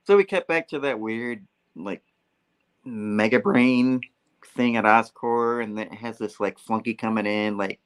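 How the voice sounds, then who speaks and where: A man hosting a casual comic book review, talking in a playful, animated way. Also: fairly low pitch, measured pace, clear, resonant tone. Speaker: host.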